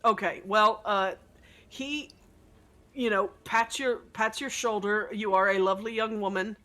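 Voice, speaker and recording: A woman narrating as game master of a tabletop horror game, halting and rambling with many fillers and restarts. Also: mid-range voice, steady tone, sharp tone.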